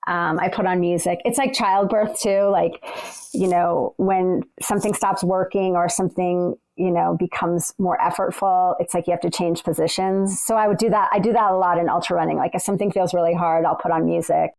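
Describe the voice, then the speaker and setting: A woman, an ultrarunner, casually telling the story of a race in a chatty, animated way. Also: fairly low pitch, fairly quick. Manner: chatty and animated, filled with "like" and "you know".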